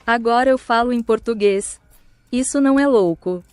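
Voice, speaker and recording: A man putting on a shrill, exaggerated voice for a Brazilian joke teller, very loud and high. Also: brisk, smooth, no echo. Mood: shrill excited.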